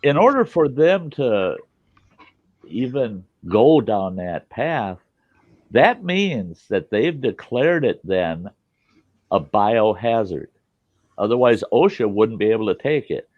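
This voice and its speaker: Male podcast host, casual and profane storyteller, very animated pitch, dry lo-fi sound. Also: slow, no echo. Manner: blunt, profane storyteller who acts out quoted voices.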